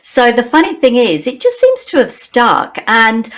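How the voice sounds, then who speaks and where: A woman's voice: on the high side, wildly swooping pitch, unhurried. A middle-aged woman from Britain with an English accent carrying a slight Australian twang, a guest chatting in an interview over a video call. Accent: British English with a slight Australian twang. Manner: chatty, laughs often. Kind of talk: casual interview chat.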